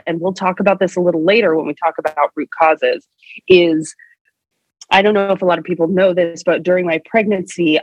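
A woman's voice: sits low, dry recording, poor audio. A woman commentator talking casually in a discussion, with many fillers. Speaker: guest commentator. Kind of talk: casual conversation.

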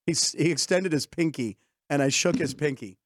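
A man with a somewhat high voice hosts a comedy sports talk show. He tells anecdotes and laughs easily. The sound is close and dry. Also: normal speed, no room sound. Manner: jokey storyteller, laughs often. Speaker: host. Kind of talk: casual comedy sports chat.

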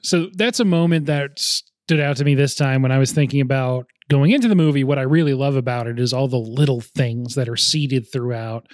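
A man's voice: medium pitch, a little fast, hardly any pauses, no room sound. A young man in casual film talk with friends, rambling and often laughing as he goes.

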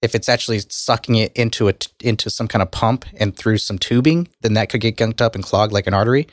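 A man co-hosting a casual podcast who is losing his voice and keeps clearing his throat. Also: fairly low pitch, fast, no echo, clean studio sound. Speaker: podcast co-host. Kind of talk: casual tech podcast chat.

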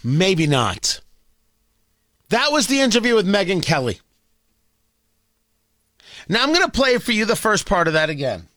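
Bright, lively-voiced talk radio man. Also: sits high, measured pace, pauses often, dry recording. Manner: sarcastic, emphatic, animated delivery. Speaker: radio talk show host. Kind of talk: opinionated talk radio monologue. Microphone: studio microphone.

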